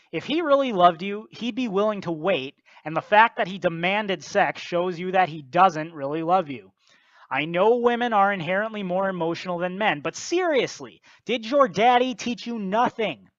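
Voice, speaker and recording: A man's voice: high-pitched, fairly bright tone, no echo, highs cut off. A man giving blunt, lecturing scripted commentary on a video.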